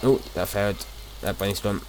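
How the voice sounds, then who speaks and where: A man's voice: on the low side, steady tone, a little fast, a little mellow, slight background noise. A young man casually talking through his gameplay as a video host, rambling and chatty, often restarting his sentences.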